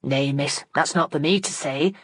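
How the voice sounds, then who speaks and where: A woman's voice: low-pitched, moderate pace, no echo. A woman reading an audiobook, voicing a pert young maidservant who drops coy, knowing hints. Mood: gossipy. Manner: coy, insinuating. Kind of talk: audiobook character voice.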